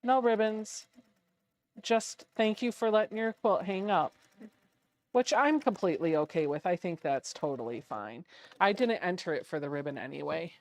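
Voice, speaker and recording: A woman's voice: on the low side, expressive, normal speed. A woman hosting a quilting livestream, chatting casually while she sews and reading out viewer comments. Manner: chatty, reads out viewer comments, hums little sound effects while working. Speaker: quilting channel host.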